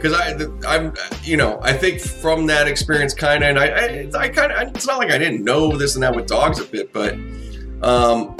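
A man's voice: a little high, animated, moderate pace, sharp tone. Casual guy chatting, swears a lot, keeps restarting, music in the background. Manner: rambling, profane storytelling with many restarts. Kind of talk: casual chat.

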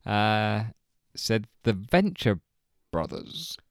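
A man's voice: lowish voice, very animated, drawn-out words, no echo. A man co-hosting a podcast, reading out listener answers with dry, understated humour. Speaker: podcast co-host.

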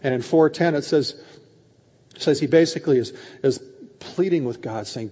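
A male pastor giving a sermon, retelling scripture in lively paraphrase with animated voices for the characters and often repeating words as he starts sentences. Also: a little high, moderate pace, husky. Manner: animated storytelling, voices God and Moses in casual paraphrase. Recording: dull lo-fi sound with long hall reverb.

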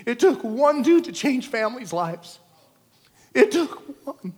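Pastor with a high voice, animated storytelling sermon; long hall reverb. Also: male voice, slow, long pauses, breathy edge. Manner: animated storytelling, dropping to a hush for quiet moments. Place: large church hall.

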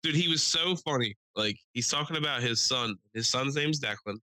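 A young man co-hosting a podcast, telling animated stories with lots of swearing, acting out quotes in a raised voice. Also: medium pitch, normal speed, dry recording, poor audio. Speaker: podcast co-host. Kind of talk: casual storytelling chat.

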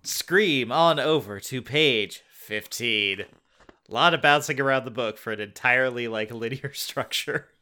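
A man's voice: mid-range voice, unhurried, sharp tone. A man co-hosting a comic storybook read-along, joking in a sarcastic way. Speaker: co-host. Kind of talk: comedic read-along chat.

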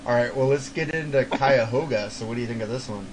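A man's voice: mid-range voice, fast, crowd noise, poor audio. Enthusiastic man gushing over songs. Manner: enthusiastic, swears, recites lyrics aloud. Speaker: podcast co-host reviewing an album. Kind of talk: casual chat.

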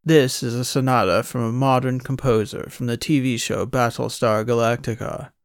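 A man's voice: mid-range voice, level tone, moderate pace, no echo, studio quality, lightly acted. A man voicing a pretentious young woman who speaks in an affected, old-fashioned posh manner. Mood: haughty. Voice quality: affected, stagey posh diction.

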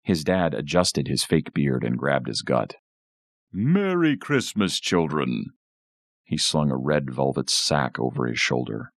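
A man hosting a podcast, reading a horror story aloud with expressive storytelling. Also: rumbling low, dry recording, studio quality. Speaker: podcast host.

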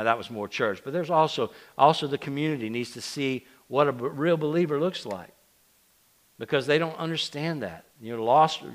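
A man's voice: medium pitch, fairly bright tone. A middle-aged man, a pastor, preaching a casual, conversational sermon to his congregation, with self-deprecating asides and frequent restarts. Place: church sanctuary.

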